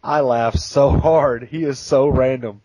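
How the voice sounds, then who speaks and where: A man's voice: medium pitch, fairly even intonation, a little slow, warm tone, no room sound, rough recording. A man co-hosting a podcast, chatting enthusiastically and laughing often as he talks. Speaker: podcast co-host. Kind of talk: casual podcast chat.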